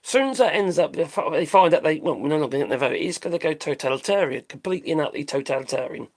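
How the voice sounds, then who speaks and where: A middle-aged British man hosts a live stream with casual commentary, speaking very fast in a fairly high, animated, darkish voice. He rants in a blunt, rambling, sweary way and laughs at his own jokes.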